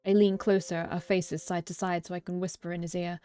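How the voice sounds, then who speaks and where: A young woman with a fairly low voice reads a visual novel aloud, voicing the first-person narrator. She keeps stumbling and correcting herself, then drops into playful, swearing side comments. Soft music plays faintly underneath. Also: level tone, brisk, smooth. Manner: breaks off narration for joking, swearing asides; restarts and self-corrections while reading. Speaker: let's play streamer.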